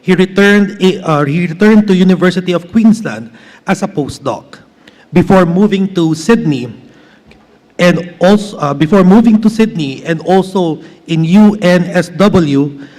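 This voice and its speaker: High-voiced man introducing a speaker. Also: measured pace, a little mellow. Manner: reads with hesitations and restarts. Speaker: conference host introducing a speaker. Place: large conference hall. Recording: long hall reverb.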